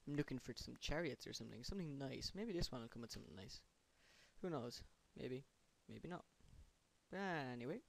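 A man's voice: medium pitch, gravelly. Sarcastic man rambling over gameplay. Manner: rambling, sarcastic, chants repetitive words under breath. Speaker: gamer. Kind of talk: casual gameplay commentary.

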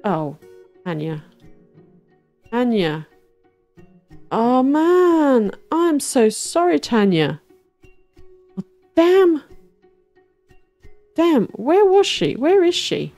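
A woman's voice: high-pitched, sing-song, drawn-out words, pauses often, warm tone, dry recording, faint music behind. A woman giving casual let's-play commentary, chatting to herself and to the game's characters and laughing now and then. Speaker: gaming channel host.

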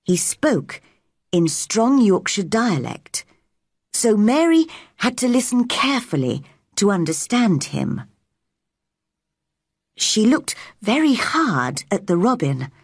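A woman narrating a storybook slowly and carefully for English learners. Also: medium pitch, big pitch swings, breathy edge, dry recording, clean studio sound.

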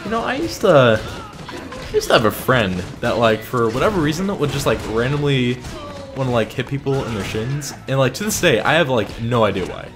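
A man's voice: mid-range voice, lively intonation, moderate pace, over music. A man playing a co-op game as a guest, laid-back, sarcastic and laughing often. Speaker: guest co-player. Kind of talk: casual co-op gameplay banter.

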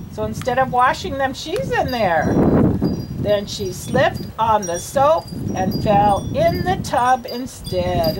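A woman reading teacher reading a storybook aloud to children, patient and encouraging. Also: fairly high pitch. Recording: noisy home recording.

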